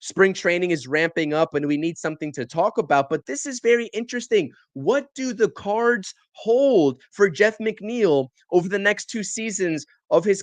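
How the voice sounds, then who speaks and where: A man co-hosting a sports talk show, with a voice pitched a little high. He runs through roster picks in an emphatic, quick rundown, a bit out of breath. The sound is close and dry. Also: no room sound. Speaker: podcast co-host.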